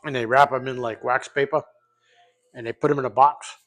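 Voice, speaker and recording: A middle-aged home cook vlogger from Rhode Island rambles and swears his way through a recipe in his home kitchen, keeping things loose and jokey for his casual cooking vlog. His mid-range voice is brisk and fairly bright with fairly even intonation, over soft background music.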